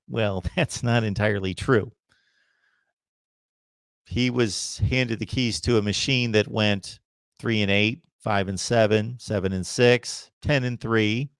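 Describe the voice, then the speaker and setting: A man's voice: fairly low pitch, a bit bright, dry recording. A man hosting a live college football chat, reading viewer comments and giving emphatic opinions. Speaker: host of a college football livestream.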